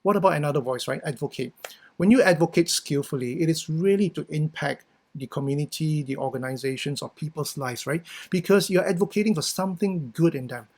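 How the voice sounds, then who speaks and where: A middle-aged man with a Singaporean English accent gives a conversational workshop talk on communication. His voice is fairly high, a little mellow, and fairly quick, peppered with "you know" and "right?".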